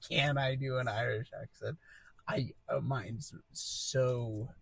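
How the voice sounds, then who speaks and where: A man's voice: mid-range voice, vocal fry, husky. A man co-hosting a podcast, chatting casually and joking, laughing often. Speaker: podcast co-host and story reader. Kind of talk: casual chat.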